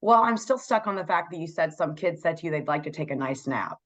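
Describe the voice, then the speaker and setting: A woman's voice: low-pitched, expressive, fast talker. A woman guest on a chat show, talking candidly and joking, laughing easily. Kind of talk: casual chat.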